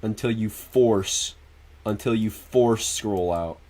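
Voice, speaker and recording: A man's voice: lowish voice, slow, mellow. A man livestreaming, chatting loosely and profanely with viewers, laughing often and answering them directly. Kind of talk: casual stream chat.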